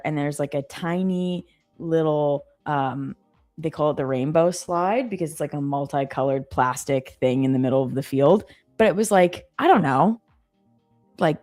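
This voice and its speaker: A woman's voice: sits low, a little slow, faint music behind. A woman in her thirties chatting casually as a co-host, telling stories animatedly and acting out the voices. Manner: animated storyteller, acts out voices. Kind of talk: casual chat.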